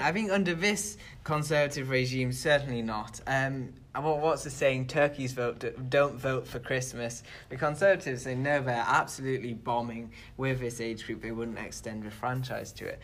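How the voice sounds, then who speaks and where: A man's voice: medium pitch, fairly even intonation, normal speed, hardly any pauses, a bit bright. A British man co-hosting a casual political podcast, chatty and self-deprecating with frequent restarts. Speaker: podcast co-host.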